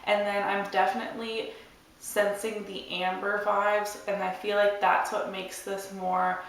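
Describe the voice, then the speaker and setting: A young woman chatting to camera about her monthly favourites, hoarse and losing her voice, rambling in a relaxed way. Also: mid-range voice, a little slow. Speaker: beauty vlogger. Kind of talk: casual chat to camera. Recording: echoey room, mic at a distance.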